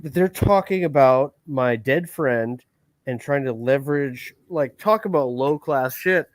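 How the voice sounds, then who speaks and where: A man's voice: medium pitch, unhurried, no room sound. A man hosting a livestream, ranting in a heated, profane and rambling way. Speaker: livestream host.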